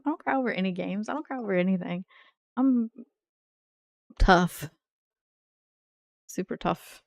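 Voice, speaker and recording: A woman's voice: mid-range voice, unhurried, long pauses, a little mellow, no room sound. A woman game streamer chatting casually with her viewers in a playful, teasing way and laughing often. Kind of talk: casual live-stream chat.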